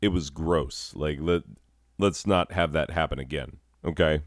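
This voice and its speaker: Very deep-voiced sardonic male host. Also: unhurried, no echo, clean studio sound. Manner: sardonic, self-deprecating, chuckling. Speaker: host, drama teacher. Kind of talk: comedic hosting with asides.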